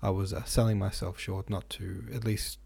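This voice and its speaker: A man's voice: low-pitched, little pitch movement, moderate pace, gravelly, dark tone, husky. A man hosting a casual solo podcast, talking in a rambling, hesitant way with many fillers and restarts. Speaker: podcast host and novelist.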